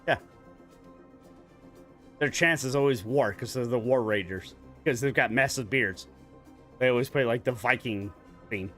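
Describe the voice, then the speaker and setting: A man's voice: mid-range voice, a little slow, pauses often, fairly bright tone, faint music behind. A man in his forties chatting casually while gaming online, telling a long, profane story from work in a rambling way. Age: 40s. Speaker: gaming streamer.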